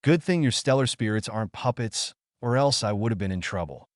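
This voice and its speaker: A man's voice: on the low side, animated, a little fast, dry recording, lightly acted. Man voicing boastful villain mage, taunting; dry storybook read. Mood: gloating. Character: cocky gloating male villain mage.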